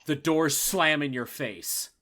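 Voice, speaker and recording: A man narrating as game master for a tabletop game, describing scenes slowly and correcting himself now and then. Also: fairly high pitch, pushed and bright, a little hiss or hum. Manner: slow, descriptive, with small self-corrections.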